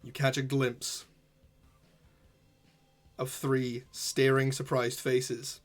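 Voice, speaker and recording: A man narrating a tabletop role-playing game as game master, describing scenes slowly and deliberately. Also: medium pitch, flat delivery, soft background music.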